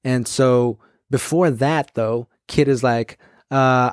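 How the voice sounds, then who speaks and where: A man hosting his own podcast, chatting casually and excitedly, with many fillers and quick quoted asides. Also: medium pitch, smooth, dry recording, studio quality. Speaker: podcast host. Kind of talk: casual solo podcast chat.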